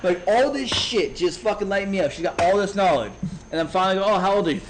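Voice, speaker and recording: A man in his thirties from Chicago, telling a profane, animated story in a casual rant while streaming a game. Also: high-pitched, fast talker, a little hiss or hum, low-quality recording. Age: 30s.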